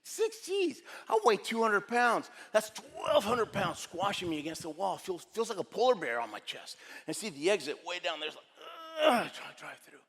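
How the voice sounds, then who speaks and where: A man in his sixties gives a motivational keynote full of punchy, dramatic storytelling, his voice a little high for a man, a bit bright, with a breathy edge. He's animated and brisk, barely pausing, and a long reverb from a large hall rings around him.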